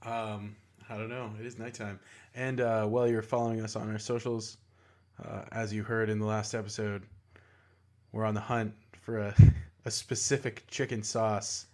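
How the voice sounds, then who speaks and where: A man's voice: on the low side, little pitch movement, moderate pace. A man co-hosting a podcast in casual chat, in a laid-back, chuckling manner. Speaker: podcast co-host.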